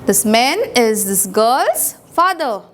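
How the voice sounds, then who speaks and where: Woman primary teacher, Indian English accent, high voice, very slow and deliberate, spells words aloud for small children. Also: very animated, fairly bright tone. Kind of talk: recorded English lesson for young children.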